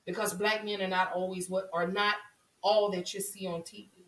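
A woman's voice: mid-range voice, level tone, normal speed. A woman giving an impassioned monologue to her viewers. She speaks with emotion and often repeats herself for emphasis. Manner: impassioned, repetitive, voice rising with emotion. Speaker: vlogger. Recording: roomy echo, voice from a distance.

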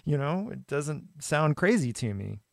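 A man's voice: a little high, sing-song, unhurried, vocal fry, darkish tone, no room sound, clean studio sound. A man hosting a podcast, reflectively summing up his guest's experience in casual conversation. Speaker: podcast host.

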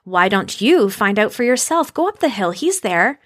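A woman's voice: mid-range voice, big pitch swings, normal speed, fairly bright tone. A woman voicing a carefree female wooden doll who speaks in a light, breezy way.

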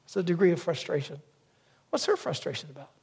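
A man preaching a sermon with a gravelly, slightly husky voice pitched a little high. He tells stories from his own life, dropping into other voices now and then. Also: sing-song, fast talker, a little mellow. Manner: storytelling, acts out wife's lines and crow caws. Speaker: pastor.

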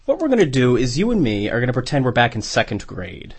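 A man, a guest mentalist, leading a trick in chat with deadpan jokes. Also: mid-range voice, fast talker, husky. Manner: joking, deadpan asides. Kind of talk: casual chat with performance patter.

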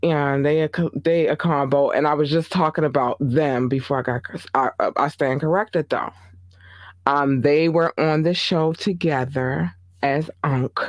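A podcast host with a Baltimore accent who talks loosely, drifting into fillers and quick corrections. The voice sits at a middling pitch and is recorded dry and close, with no room sound. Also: fairly even intonation, dry recording. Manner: rambling, chatty, many fillers and asides. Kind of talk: casual podcast chat.

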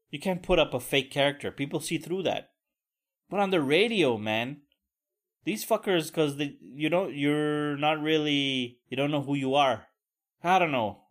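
Profane rambling male podcaster, slightly high. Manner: profane, rambling, vents with crude asides. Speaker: podcast host. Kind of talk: casual solo podcast rant.

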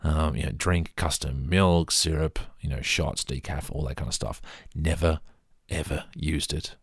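Recorded dry with studio quality, this Australian vlogger has a very deep, slightly breathy voice and a measured pace. His monologue is a loose, self-mocking tour of the mugs he collects.

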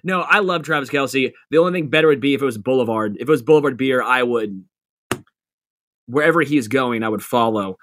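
A man's voice: medium pitch, brisk, a bit bright, a little hiss or hum. A man co-hosting a casual sports podcast, joking and rambling. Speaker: podcast co-host.

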